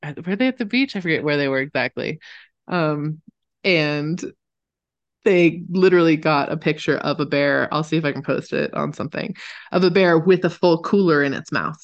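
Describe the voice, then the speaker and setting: A woman co-hosting a podcast, telling stories in a casual, animated, playful way. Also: low-pitched, highs cut off. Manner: animated, playful, quick to act out voices. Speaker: podcast co-host. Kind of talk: casual chat, storytelling.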